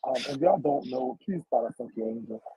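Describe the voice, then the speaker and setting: A man's voice: medium pitch, expressive, fairly quick, mellow, slightly rough, no room sound, low-quality recording. A man hosting a casual livestream interview, speaking hesitantly with many fillers and encouraging his guest.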